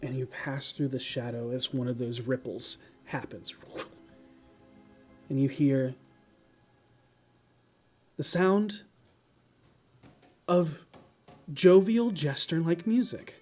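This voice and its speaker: Game master, man, unhurried hesitant narration, soft music bed behind, dark mellow tone. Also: medium pitch. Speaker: dungeon master.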